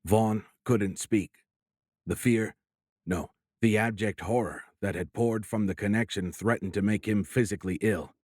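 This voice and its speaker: A man narrates a thriller audiobook in a low, measured voice. His reading is dramatic but steady. The sound is close and dry, with no room around it. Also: no room sound. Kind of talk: scripted narration.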